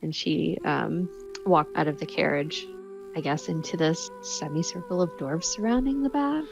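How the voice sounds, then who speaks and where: A woman's voice: low voice, moderate pace, creaky. A woman player describing her character's actions in a tabletop game, in hesitant, filler-heavy speech. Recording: muffled, with music.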